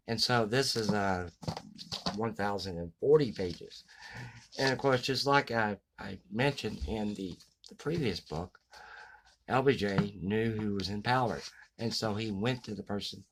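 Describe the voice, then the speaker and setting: A man giving a casual book review, halting with many fillers and restarts. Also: on the low side, slight background noise, poor audio. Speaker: book vlogger.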